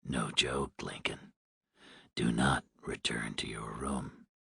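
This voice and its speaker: A man doing a hoarse whispering phone menace. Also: a bass voice, pushed and bright, no room sound, studio quality, voice pushed down, heavily acted. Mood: menacing. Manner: slow, threatening.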